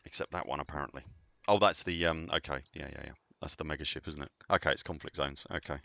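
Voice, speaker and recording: Male streamer, very low voice, dry close sound, easygoing rambly chat with viewers. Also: fairly even intonation, quick pace, creaky, bright, forceful tone, no echo, highs cut off. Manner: chatty, rambling, answers viewer comments. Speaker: game streamer. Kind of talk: casual live-stream chat.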